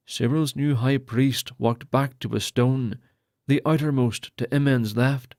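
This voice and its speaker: A man narrating a fantasy audiobook in a steady, even reading voice. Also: medium pitch, unhurried, no echo, clean studio sound.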